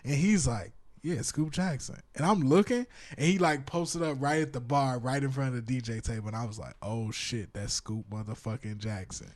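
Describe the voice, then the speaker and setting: A man co-hosts a loose podcast chat. He tells his stories in an easygoing way, his voice sitting in an ordinary middle pitch, with laughs breaking in often. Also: a little fast, hardly any pauses, darkish tone, no echo. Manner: laid-back storyteller, laughs often. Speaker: podcast co-host.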